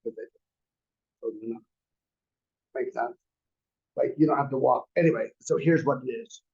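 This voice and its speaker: A man's voice: medium pitch, moderate pace, darkish tone, muffled recording. A man teaching a classroom lecture in a conversational, rambling way with many restarts. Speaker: real estate class instructor.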